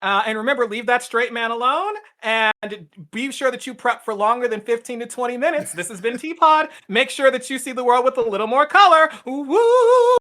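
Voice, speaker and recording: A woman's voice: fairly high pitch, brisk, hardly any pauses, bright, forceful tone. A woman co-hosting a casual podcast, reacting in a sassy, emphatic, profane way. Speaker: podcast co-host. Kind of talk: casual chat.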